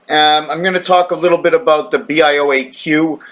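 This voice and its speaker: Rambling tired man, bright voice. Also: fairly high pitch, steady tone, moderate pace. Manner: wandering, self-questioning, playful sound effects. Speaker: video maker. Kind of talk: rambling casual monologue to camera.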